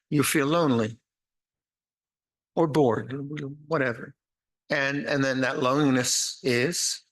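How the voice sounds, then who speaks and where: An older man giving a dharma talk at a meditation retreat, speaking slowly and haltingly, with many restarts and a gentle, wry humor. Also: mid-range voice, rough recording. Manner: slow, halting, many repeated words and restarts; gentle, wry, laughs at his own jokes. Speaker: meditation teacher.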